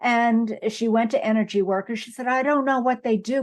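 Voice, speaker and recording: A woman's voice: fairly high pitch, normal speed. A woman hosting a podcast interview, affirming and enthusiastic with her guest. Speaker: podcast host.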